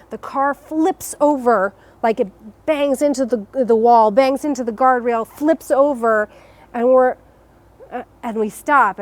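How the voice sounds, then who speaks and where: Her voice sits a little high as the young interview guest tells her personal story. Emotion makes her halting, and she restarts a lot and uses many fillers.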